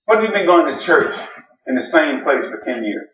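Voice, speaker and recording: Preacher: man, high and very animated delivery, joking storyteller, recorded far off in a roomy church. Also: brisk, dull audio. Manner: animated storytelling with jokes and shouted exclamations. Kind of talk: sermon. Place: church sanctuary. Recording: roomy church sound from a distant mic.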